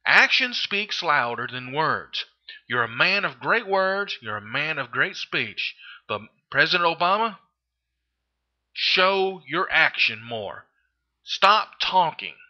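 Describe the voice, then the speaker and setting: An indignant man delivers an impassioned monologue with pitch that leaps and swoops, set fairly high for a man. He fires off rhetorical questions and stumbles over frequent hesitations. The recording sounds dull and lo-fi. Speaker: political video commentator.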